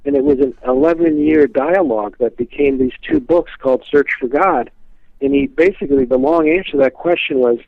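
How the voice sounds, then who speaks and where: A man's voice: medium pitch, normal speed, no echo. A man, a guest on an interview show, telling stories in a casual, rambling way, full of fillers. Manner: rambling, filler-heavy, animated retelling. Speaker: guest expert. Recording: tinny dry phone line.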